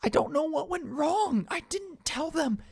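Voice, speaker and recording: A man's voice: medium pitch, lively intonation, a little slow, gravelly, husky, dry recording, clean studio sound, pitched above the performer's own voice, heavily acted. A man playing a guilt-ridden, distraught uncle. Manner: distressed, pleading, voice climbing when upset.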